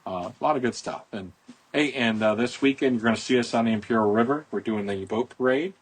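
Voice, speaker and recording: A man's voice: mid-range voice, fast, slightly rough. A middle-aged man hosting a casual podcast, talking outdoors into a phone in a rambling, folksy promotional way. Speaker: podcast host, boat club owner.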